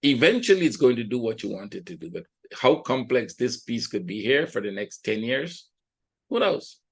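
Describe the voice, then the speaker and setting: Teaching a trading lesson, this man talks through charts as if thinking aloud and keeps asking "right?" to check in. He sounds expressive and fairly quick, with a medium-pitched voice that has a breathy edge.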